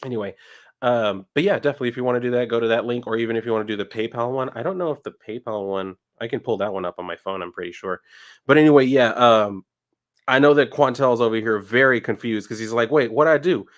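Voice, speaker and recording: A male streamer chatting casually on a live stream, reading out viewer messages. His pitch swings widely as he gets worked up, and he swears freely in a loose, joking way. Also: quick pace. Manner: animated, swearing, reads chat aloud.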